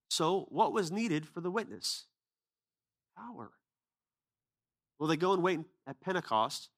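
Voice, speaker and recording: A man delivers a sermon through relaxed personal storytelling. His tone is conversational and unpolished, turning earnest and emphatic as he drives home his message. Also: a little high, normal speed, long pauses. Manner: casual, conversational retelling with quoted dialogue. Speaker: preacher.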